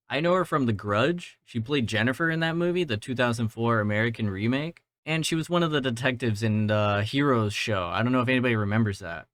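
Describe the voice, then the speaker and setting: A man's voice: mid-range voice, fairly bright tone, smooth, dry recording. A man in his twenties from Georgia, hosting a casual movie-review podcast in a rambling, profane, self-deprecating way. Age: 20s. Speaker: podcast host. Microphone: mounted podcast mic.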